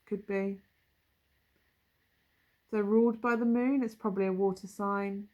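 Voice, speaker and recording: This woman reads tarot cards in a relaxed, musing way, thinking aloud and trailing off into asides. Her voice sits at an ordinary middle pitch for a woman, and she talks casually to the viewer from a table at home. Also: measured pace. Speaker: tarot reader. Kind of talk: casual tarot reading to camera.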